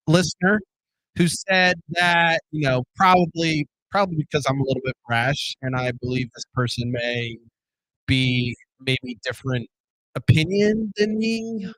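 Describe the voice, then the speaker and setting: A man's voice: fairly high pitch, bright, forceful tone, no room sound, rough recording. A man hosting his own talk show alone, blunt and rambling, cursing often and restarting sentences. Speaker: podcast host. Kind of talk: solo casual monologue.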